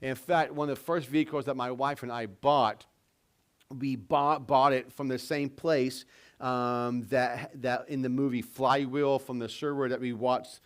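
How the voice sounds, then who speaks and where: A man's voice: medium pitch, fairly even intonation, a little slow. A man preaching a sermon as pastor, telling stories and putting questions to his congregation. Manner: conversational storytelling with questions to the congregation. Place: church sanctuary.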